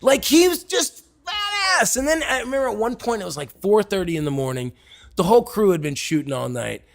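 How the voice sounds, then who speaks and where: A man telling stories in a casual bar conversation, animated and loud when he acts out quotes. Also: high voice, quick pace, creaky. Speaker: stuntman and actor, podcast guest. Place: bar in Hollywood.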